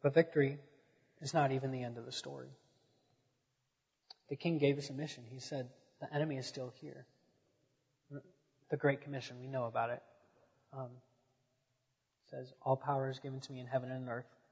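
A man's voice: medium pitch, flat delivery, moderate pace, vocal fry, pauses often, breathy edge. Preaching man in an echoey hall. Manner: preaching with swells in volume, then dropping quiet. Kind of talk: sermon. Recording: dull echoey sanctuary recording.

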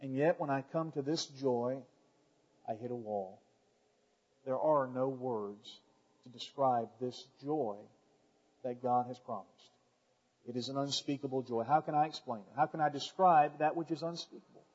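A male pastor preaching a sermon, swinging from quiet, slow lines to loud, impassioned passages. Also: mid-range voice, breathy edge, lo-fi sound.

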